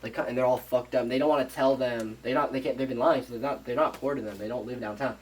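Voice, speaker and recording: A man's voice: medium pitch, quick pace, slight background noise. Guy rambling thru a movie plot on a podcast, acts out the lines, mic kinda far off. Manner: rambling, animated storyteller, acts out quoted lines, swears freely. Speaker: podcast co-host. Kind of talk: casual chat retelling a movie plot.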